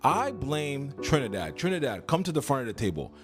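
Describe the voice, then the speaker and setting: A man rants in mock outrage, hammering each point with comic indignation. His voice sits at a middle pitch. Loud music plays under him. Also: very animated, fairly quick. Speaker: reaction commentator. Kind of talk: comic rant.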